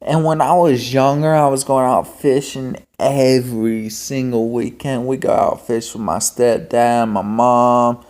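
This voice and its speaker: A young man vlogging in a casual, rambling monologue, halting with many ums and restarts. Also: mid-range voice, fairly even intonation, darkish tone. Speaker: homestead vlogger.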